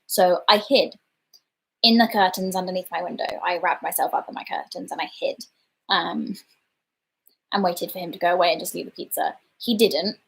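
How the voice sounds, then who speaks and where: A woman's voice: lowish voice, steady tone, moderate pace, gravelly, slightly rough. A woman chatting casually on a livestream, telling an embarrassing story with lots of fillers and self-deprecation. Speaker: livestream host.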